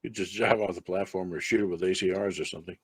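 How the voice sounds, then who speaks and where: A man's voice: sits low, steady tone, quick pace, slight background noise. A man as game master, narrating a tabletop game in an easygoing, chatty way. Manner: easygoing, chatty, breaks off to talk to a pet.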